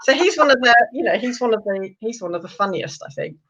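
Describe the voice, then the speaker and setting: A woman's voice: a little high, fast talker, a little hiss or hum. A woman, an animal communicator answering interview questions in a chatty storytelling way. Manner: chatty, lively storyteller, full of fillers. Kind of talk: interview guest telling anecdotes. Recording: slightly muffled lo-fi sound.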